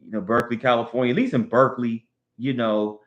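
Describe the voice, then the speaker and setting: A fast-talking man with a mid-range, steady voice hosts a casual livestream, his Southern US accent clear despite the muffled recording. He's from the American South and rambles easily, thinking aloud as he goes.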